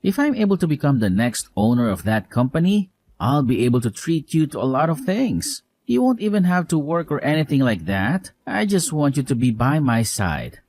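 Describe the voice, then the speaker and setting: A man's voice: mid-range voice, sing-song, moderate pace, darkish tone, dry recording. A man playing a young cheating ex-fiancé who pleads and whines to get back together, in a narrated story drama. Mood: wheedling. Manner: begging, whiny.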